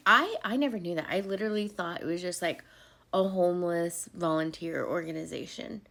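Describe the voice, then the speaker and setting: A woman's voice: lowish voice, brisk, creaky, a bit bright. A woman telling a personal faith story straight to camera in a chatty way, with frequent ums and laughs. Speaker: vlogger sharing a faith testimony.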